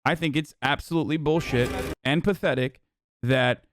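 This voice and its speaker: A man's voice: a little high, normal speed, slight background noise. A man doing livestream political commentary, heated and profane, rambling through restarts as he reacts to chat. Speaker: political streamer.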